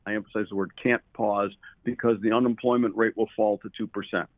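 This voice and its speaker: A man's voice: fairly low pitch, flat delivery, brisk, no room sound. A man speaking as a guest in an interview, rambling with many fillers and restarts. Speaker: guest commodities trader. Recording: tinny phone line.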